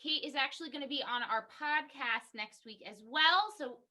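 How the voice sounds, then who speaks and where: A woman's voice: high voice, normal speed, pushed and bright. A woman hosting a podcast, upbeat as she thanks her guest and wraps up the show. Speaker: podcast host. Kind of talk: casual chat.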